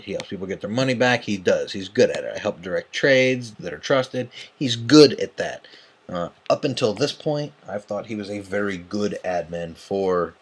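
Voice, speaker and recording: Young male vlogger, low-pitched, tired and agitated, swearing through a late-night rant. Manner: agitated, profane, tired and yawning. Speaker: online tournament host. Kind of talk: ranting vlog.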